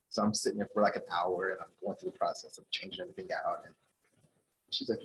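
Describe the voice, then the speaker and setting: In a conference ballroom, a man tells the audience a personal story and acts out its dialogue in a raised voice. His lowish voice races along with lively intonation, and the low-quality recording carries a little hiss or hum.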